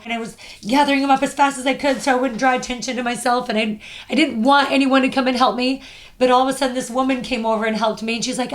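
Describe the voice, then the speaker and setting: A woman's voice: on the high side, steady tone, quick pace. Earnest woman telling a personal story. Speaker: podcast host. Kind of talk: casual chat.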